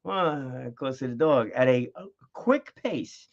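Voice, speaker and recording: Recorded at home in dull lo-fi audio, with a dog close by, this middle-aged vlogger chats in a rambling way, laughing and using lots of fillers. He speaks slowly at medium pitch, expressively, with vocal fry.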